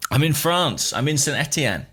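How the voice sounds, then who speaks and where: A man co-hosting a podcast, joking around and chatting in a playful, animated way. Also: on the high side, normal speed, slightly rough. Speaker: podcast co-host. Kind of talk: casual podcast chat.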